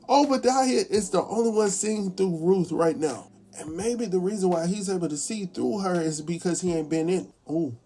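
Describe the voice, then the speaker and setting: A man hosting a casual TV episode recap, chatty and colloquial, acting out the characters' lines as he goes. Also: high-pitched. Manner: animated, acts out characters' lines in quick impressions; chatty, colloquial, laughs at his own asides. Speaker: recap show host.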